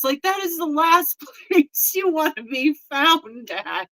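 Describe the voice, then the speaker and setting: A woman's voice: sits high, animated, measured pace, hardly any pauses, bright, forceful tone, low-quality recording. A woman in her forties hosting a casual morning chat, blunt and profane, often mocking people in put-on voices. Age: 40s. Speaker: host.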